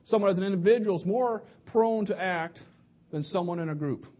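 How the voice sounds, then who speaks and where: A man's voice: sits high, a little fast, darkish tone. A man giving an evening sermon to a congregation, talking conversationally and often restarting or repeating words. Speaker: preacher.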